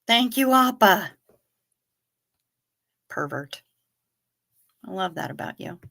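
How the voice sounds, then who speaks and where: Bright-voiced, profane livestream host woman. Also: medium pitch, animated, moderate pace, vocal fry. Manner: profane, sarcastic, chatty. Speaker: livestream host answering chat. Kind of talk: casual chat.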